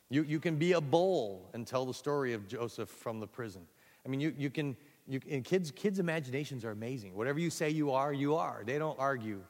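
A man leading a storytelling workshop for an audience, talking in an animated, self-deprecating way and often repeating words as he starts a sentence. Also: mid-range voice. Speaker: speaker teaching storytelling to children's ministry workers. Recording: long hall reverb.

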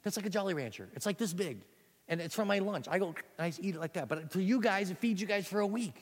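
An excitable young boy in ant form, stammering and tripping over his words, as a man puts him on, pitched high above his own voice. He sounds loud and breathless, and the sound rings with a long echo like a big hall. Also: fast. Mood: eager. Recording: echoey hall.

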